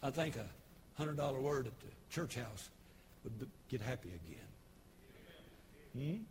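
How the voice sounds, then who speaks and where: A pastor in his sixties with a Tennessee Southern accent, preaching a folksy, humorous sermon with homespun storytelling and sudden shouted bursts. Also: mid-range voice, moderate pace, a little hiss or hum. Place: church service broadcast on television.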